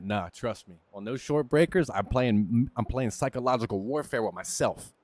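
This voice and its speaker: This gaming streamer has a fairly low, expressive voice and a moderate pace as he comments casually on his golf video game shots. He's frank, coaches himself, and drops the odd swear word, with no room sound.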